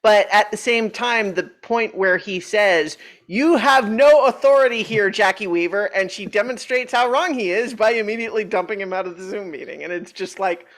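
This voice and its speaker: Una mujer, actriz de voz, cuenta una anécdota con humor en un panel de convención por videollamada. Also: female voice, medium pitch, moderate pace, few pauses, a bit bright. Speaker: voice actor panelist. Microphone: video call.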